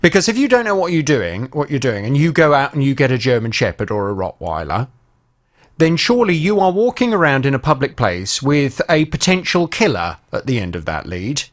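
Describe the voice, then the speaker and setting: Male phone-in host, animated and conversational. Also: mid-range voice, brisk. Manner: animated, conversational, addresses listeners directly. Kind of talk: radio phone-in talk.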